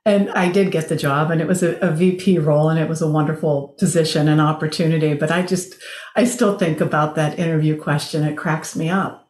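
Woman guest with a low, roomy voice. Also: brisk. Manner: animated storyteller, laughs while telling anecdotes. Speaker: podcast guest. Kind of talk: casual conversation. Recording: roomy echo.

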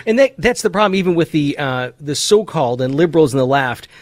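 A man's voice: a little high, animated, fast talker, no echo, studio quality. A man hosting a casual political talk show, speaking in an emphatic, opinionated way. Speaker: podcast host.

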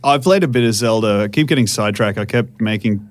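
A man's voice: lowish voice, quick pace. A man, a comedian guest on a podcast, telling stories in casual chat and laughing at his own jokes.

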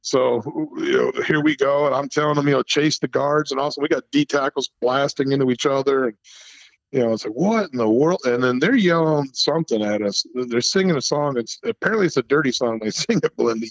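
A former football coach in his fifties, speaking as a guest in a casual storytelling interview, has a creaky, medium-pitched voice and talks a little fast. He animatedly tells stories, laughs often, and acts out what people said. The audio is dull, lo-fi phone-call quality with no echo.

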